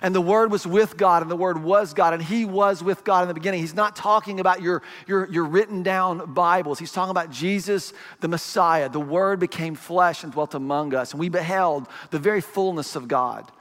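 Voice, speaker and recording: Male pastor, high voice, chatty storytelling sermon, hall reverb. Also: normal speed, few pauses, a bit bright. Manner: conversational storytelling, acts out dialogue.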